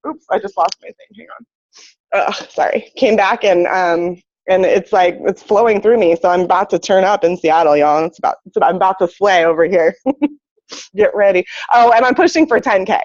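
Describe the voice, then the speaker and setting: Excited woman sharing on a dull video call. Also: medium pitch, moderate pace, dry recording. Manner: excited, laughing often, animated voice swings. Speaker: team member sharing a testimonial on a group call. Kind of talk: casual testimonial on a video call.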